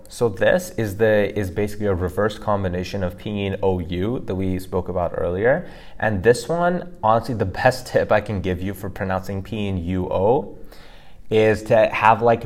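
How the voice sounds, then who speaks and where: A man co-hosting a casual lesson podcast, explaining sounds step by step and often checking in with "right?". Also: lowish voice. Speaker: co-host teaching pronunciation.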